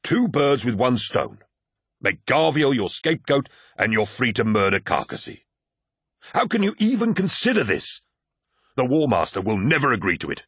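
A man playing a straight-talking veteran soldier, sardonic and defiant, set higher than the narrator's own voice. The tone is husky with wide swings in pitch, in a dry audiobook read. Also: big pitch swings, moderate pace, a bit bright, no room sound, exaggerated voice. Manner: sardonic, blunt. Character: blunt, defiant male veteran warrior. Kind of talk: audiobook character voice.

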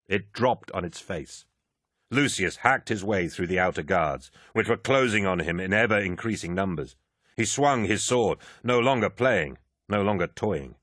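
A man's voice: on the low side, fairly bright tone, no room sound, studio quality. A man narrating a military science fiction audiobook, reading battle scenes dramatically. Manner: dramatic, vivid action reading.

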